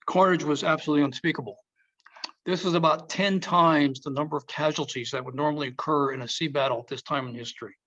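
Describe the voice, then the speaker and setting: A man with a somewhat high voice tells history at a museum talk, leaning hard on the dramatic moments. His emphatic storytelling comes through a muffled, lo-fi recording. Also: fairly even intonation, fast talker, a bit bright. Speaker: museum speaker. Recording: dull lo-fi sound.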